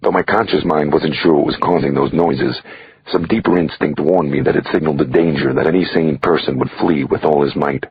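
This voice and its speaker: A man's voice: a bass voice, fairly even intonation, brisk, slight background noise. A man reading a crime thriller audiobook aloud in a wry first-person storytelling manner. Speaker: audiobook narrator. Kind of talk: scripted audiobook narration. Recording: dull dry lo-fi recording.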